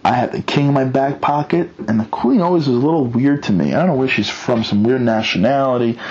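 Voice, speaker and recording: A man's voice: mid-range voice, fairly quick, a little mellow, highs cut off, lightly acted. A man voicing a scheming, boastful male villain who talks in a smug, gloating way.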